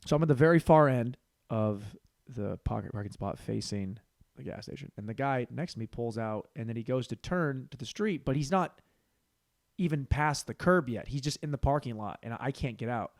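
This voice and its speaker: Animated, lively-voiced comedian man. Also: medium pitch, normal speed, vocal fry. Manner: animated storyteller acting out voices, swearing freely. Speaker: comedian podcast host. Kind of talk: solo comedy monologue.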